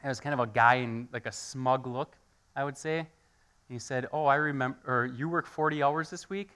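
A man preaches a conversational sermon, his voice bright and forceful. He tells everyday stories and plays the people in them with lively energy. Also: medium pitch, normal speed, clear, resonant tone. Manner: animated storytelling, acts out quoted voices. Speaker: pastor.

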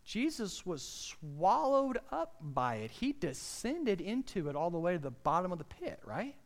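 A man's voice: high voice, sing-song, unhurried. A male preacher delivering a sermon, emphatic and direct, addressing listeners with rhetorical questions.

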